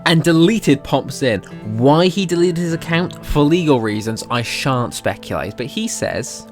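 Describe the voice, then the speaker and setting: A man's voice: on the high side, animated, measured pace, hardly any pauses, soft background music. A Welsh man doing casual video commentary, talking animatedly and sarcastically and swearing freely. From Wales. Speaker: YouTuber.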